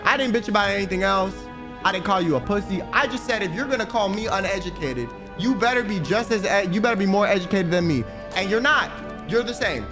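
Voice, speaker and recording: A young American man streaming, arguing with his chat in a profane, combative way. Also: high voice. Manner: profane, argumentative, answering chat. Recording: music playing behind.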